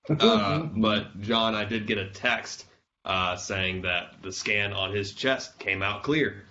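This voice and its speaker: A man hosting a podcast, hoarse and congested from a cold, chatting casually and laughing now and then. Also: fairly low pitch, slow pace, bright, forceful tone, lo-fi sound, a little hiss or hum. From South Carolina. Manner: chatty, self-deprecating, laughs often. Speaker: podcast host.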